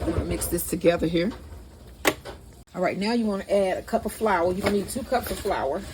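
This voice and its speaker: Chatty St. Louis woman cooking. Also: fairly low pitch. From St. Louis, USA. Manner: chatty, addresses viewers as y'all, laughs at herself. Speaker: cooking channel host. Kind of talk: casual cooking demonstration. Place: home kitchen. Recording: noisy home recording.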